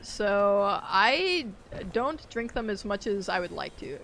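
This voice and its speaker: A woman's voice: medium pitch, animated, slow pace, fairly bright tone, soft background music. A woman streaming a game, chatting casually and rambling, laughing easily as she plays. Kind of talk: casual gaming livestream chat.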